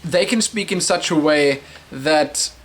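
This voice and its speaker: Speaking slowly in a somewhat high, slightly bright voice, this young South African man runs a relaxed webcam show. He answers viewers' questions chattily and meanders, restarting sentences and leaning on plenty of fillers.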